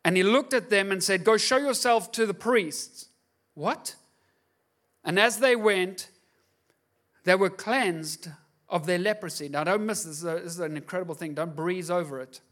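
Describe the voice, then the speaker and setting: A man's voice: sits high, normal speed, a bit bright. A male pastor giving a sermon in a conversational, joking way, often asking the crowd "right?".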